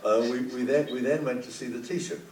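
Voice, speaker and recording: An older man on a panel, recalling the past in halting speech full of repeated words. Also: medium pitch, fairly even intonation, darkish tone. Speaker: panel guest. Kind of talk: reflective panel talk. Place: conference hall. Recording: roomy hall, distant mic, faint hiss.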